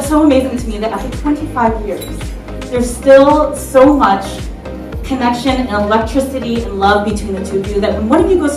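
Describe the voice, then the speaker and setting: Woman, party toast, chatty, laughing, far-off echoey room, music behind. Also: fairly high pitch. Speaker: anniversary speaker. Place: party hall. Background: music and guests.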